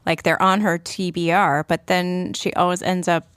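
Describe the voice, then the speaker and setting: A woman's voice: lowish voice, flat delivery, normal speed, a bit bright, clear, resonant tone, no room sound. A woman co-hosting a casual book podcast, playful and bubbly. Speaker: podcast co-host. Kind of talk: casual chat.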